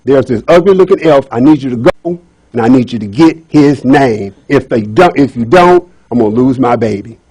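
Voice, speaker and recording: A man's voice: mid-range voice, expressive, normal speed, a little mellow, slightly rough, voice pushed down. A desperate young princess, voiced by a man retelling the story. She pleads urgently and anxiously. The tone is plain storytelling, not a full character voice. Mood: pleading.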